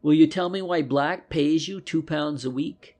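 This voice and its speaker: A man voicing a determined young plainclothes policeman in a detective audiobook, speaking earnestly and forcefully. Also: a little high, a little slow, close to an everyday voice. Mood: confident.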